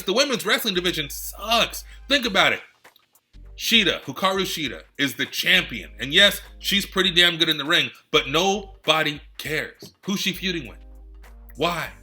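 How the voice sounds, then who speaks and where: A man's voice: high-pitched, sharp tone. A man hosting a wrestling rant segment, sarcastic and frustrated, firing off rhetorical questions at the viewers. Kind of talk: heated rant to camera.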